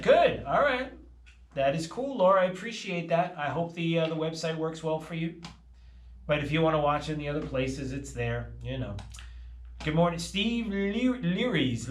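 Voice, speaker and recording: A man hosting a morning radio live stream, animated and fast-talking as he greets viewers in a casual chat. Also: a little high, reverberant. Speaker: radio show host.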